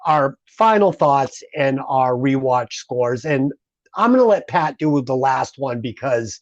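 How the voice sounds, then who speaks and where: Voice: medium pitch, measured pace, lo-fi sound, a little hiss or hum. A podcast co-host in a casual movie review chat, swearing freely and ranting with lots of heat. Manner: profane, ranting, animated.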